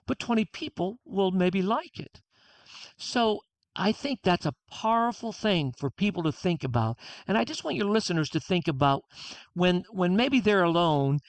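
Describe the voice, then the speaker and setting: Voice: mid-range voice, dry recording. A guest author on a podcast interview, talking earnestly and reflectively and acting out inner dialogue.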